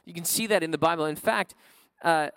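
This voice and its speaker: Male pastor, sermon, conversational, fairly high voice, dry close sound. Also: a little fast, fairly bright tone, clear, resonant tone, no room sound. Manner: conversational preaching with frequent "right?" asides.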